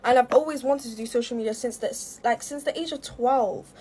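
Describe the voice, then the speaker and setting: Her voice sits fairly high but sounds mellow and husky, and she talks a bit quickly. A young storytime creator, she recounts a grievance to camera in a rambling way, full of fillers.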